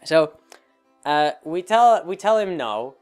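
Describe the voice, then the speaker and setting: A man's voice: on the high side, slow, smooth, faint music behind. A man hosting his show, telling a rambling story about a tabletop game with many restarts. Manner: rambling, animated, full of restarts. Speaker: host. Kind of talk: casual storytelling monologue.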